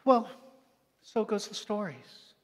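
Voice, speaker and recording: A man's voice: high voice, animated, slow. A male pastor telling an animal story during a sermon, acting out the creatures as he goes. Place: church sanctuary. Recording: long church-hall reverb.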